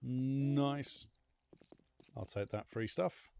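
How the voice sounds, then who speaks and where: A man's voice: medium pitch, drawn-out words, creaky, darkish tone, a little hiss or hum. A man streaming a survival game, chatting casually with rambling stories and free swearing. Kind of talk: casual gameplay commentary.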